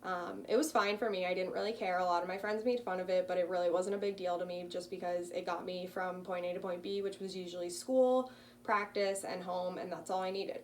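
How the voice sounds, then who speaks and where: Student in her twenties telling a personal story, relaxed and halting, recorded from across the room with a low hum. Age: early 20s. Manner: casual, frequent ums. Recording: distant mic with faint hum.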